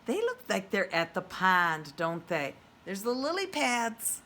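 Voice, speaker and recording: Female preschool teacher, online read-aloud: unhurried, very animated sing-song delivery, lots of questions to the kids. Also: medium pitch, slight background noise. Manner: slow, sing-song and exaggerated for small children; asks the children questions and praises answers. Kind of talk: virtual read-aloud lesson for young children.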